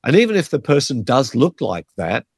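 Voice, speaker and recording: A man's voice: mid-range voice, big pitch swings, moderate pace, husky, dry recording, clean studio sound. A man, a pastor teaching in a conversational, earnest way and giving numbered points. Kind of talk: podcast teaching on faith and health.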